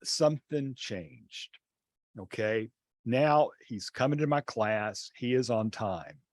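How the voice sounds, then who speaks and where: A male teacher telling a classroom story in an online class over a video call, acting out the dialogue with lively changes of voice. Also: medium pitch, slow, no room sound, studio quality. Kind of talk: storytelling lecture.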